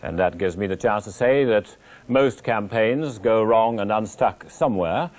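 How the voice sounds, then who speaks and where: A male news anchor presenting election night coverage live, measured as he links between reports. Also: fairly low pitch, a little mellow, a little hiss or hum.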